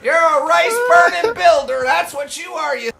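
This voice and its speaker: A squeaky, gravelly redneck hollers in rage, tripping over his own words as he insults someone. His voice sits strikingly high and cracks into shouts. Behind him, online game chat rumbles with crowd noise. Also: moderate pace, exaggerated voice. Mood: enraged. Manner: ranting, stammering with rage, insulting. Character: furious loudmouth redneck man, patriotic ranter. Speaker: prank caller in game voice chat. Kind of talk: prank voice.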